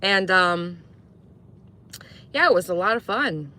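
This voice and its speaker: Taking it slowly, a woman with a pushed, bright voice and lively intonation chats casually on a live stream. She talks with viewers and responds to their comments, sometimes imitating sweet talk in a high voice.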